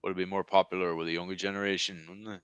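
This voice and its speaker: A man chatting easily about his favourite films, pausing with ums as he thinks. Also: low voice, little pitch movement, fairly bright tone, dull audio. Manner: easygoing, hesitant, many ums and uhs. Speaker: podcast co-host. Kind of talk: casual chat.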